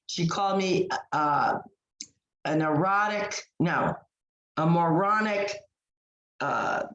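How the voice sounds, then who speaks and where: A woman's voice: fairly low pitch, slow, dull audio. Emphatic woman podcaster in an echoey room. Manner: animated, emphatic, with many fillers and restarts. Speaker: podcast co-host. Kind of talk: casual storytelling chat.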